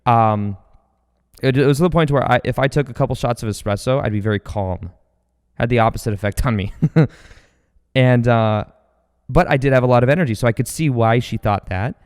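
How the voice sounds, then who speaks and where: A man hosts a podcast and tells personal stories in a loose, energetic way, restarting his sentences often. His voice is smooth and clear. A long reverb trails behind it, as if he were recording in a large hall. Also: mid-range voice, a little fast, long pauses. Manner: rambling, energetic, with many fillers and restarts. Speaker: podcast host. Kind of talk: casual storytelling monologue.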